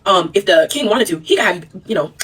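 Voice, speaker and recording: A young woman rattles through a drama recap at speed, chatty and animated, full of slangy asides. Her voice is husky. It sounds a little distant from the mic. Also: mid-range voice, fairly quick. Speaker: vlogger. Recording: voice a bit far from mic.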